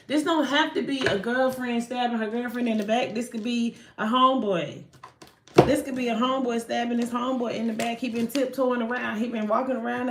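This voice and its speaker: A woman giving a live tarot reading in an animated, slangy way, swearing and often breaking off mid-sentence. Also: fairly high pitch, fairly quick, reverberant, a little hiss or hum. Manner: animated, slangy, swears, frequent self-interruptions. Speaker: tarot card reader.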